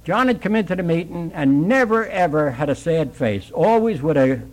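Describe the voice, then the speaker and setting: A man's voice: a little high, expressive, normal speed, low-quality recording. An older man telling his sobriety story in a plainspoken, working-class way, acting out the dialogue. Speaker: recovering alcoholic sharing his story. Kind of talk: storytelling at a recovery meeting.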